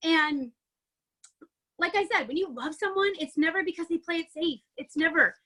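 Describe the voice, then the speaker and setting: A woman coaching her sales team in a chatty, excitable motivational talk, a little out of breath, peppering it with "like" and "right?". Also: very high-pitched, moderate pace. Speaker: network marketing team coach. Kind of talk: energetic motivational training talk.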